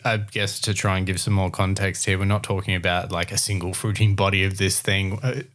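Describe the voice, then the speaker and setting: A man with a fairly low voice speaks thoughtfully on a casual panel chat. He asks follow-up questions and adds context in a measured way. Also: level tone, a bit bright.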